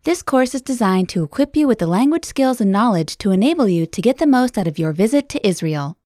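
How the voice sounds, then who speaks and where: A woman hosts a language podcast, delivering its scripted opening with an upbeat, promotional lilt. Her pitch rises and falls freely, and the sound is close and dry. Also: animated, a little fast, dark tone, no room sound. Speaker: podcast host.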